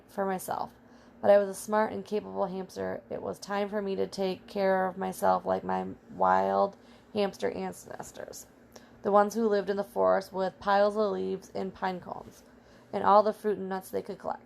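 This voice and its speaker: A plucky pet hamster tells his own adventure in an earnest, excitable way, voiced by a woman. The pitch stays fairly flat and even, with a gravelly edge to the voice. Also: normal speed, slight background noise. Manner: earnest, excitable first-person storytelling. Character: small brave pet hamster, male.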